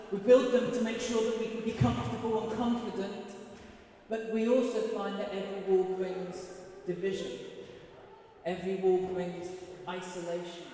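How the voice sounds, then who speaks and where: A man preaching a sermon, telling stories in an animated way with self-mocking humor. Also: sits high. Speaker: pastor. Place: church auditorium. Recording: echoey hall from far off, faint noise.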